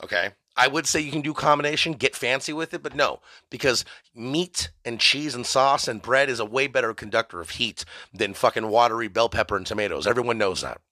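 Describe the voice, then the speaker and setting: A male podcast host delivering a rambling, mock-ranting comedic monologue, profane and deadpan absurd. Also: mid-range voice, brisk, hardly any pauses, no room sound, clean studio sound.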